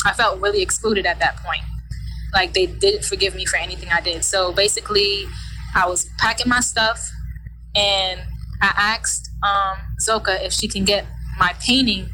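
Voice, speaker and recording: A woman's voice: medium pitch, bright, forceful tone, slight background noise, rough recording. A young woman casually recounting a personal story in a heated, conversational way, acting out what people said. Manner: casual, heated retelling with quoted voices.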